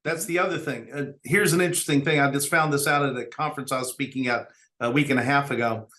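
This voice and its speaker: A man's voice: mid-range voice, steady tone, fast talker, sharp tone. A middle-aged businessman telling stories as an interview guest, earnestly quoting dialogue. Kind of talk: storytelling interview talk.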